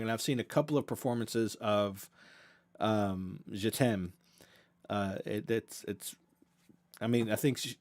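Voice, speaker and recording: A young Southern man with a US South accent hosts a casual livestream Q&A for his reaction channel, his voice on the low side and a little mellow. He rambles earnestly, corrects himself as he goes, and sounds grateful.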